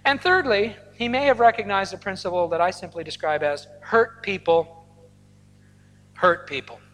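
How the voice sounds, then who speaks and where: A man preaching a sermon from the pulpit, telling stories with lively asides and the occasional laugh. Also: high-pitched, normal speed. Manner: storytelling, animated asides with laughter. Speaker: pastor. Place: large hall or church auditorium. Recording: long hall reverb.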